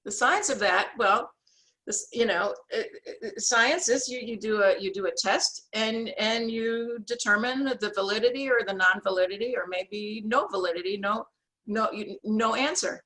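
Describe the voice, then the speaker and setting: A woman with a bright, clear-edged voice tells her story with animation. She acts out the people she quotes and restarts her sentences often. She is speaking as a guest over a video call. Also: mid-range voice, moderate pace, low-quality recording. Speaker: guest, author and sketch artist. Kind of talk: storytelling in an interview.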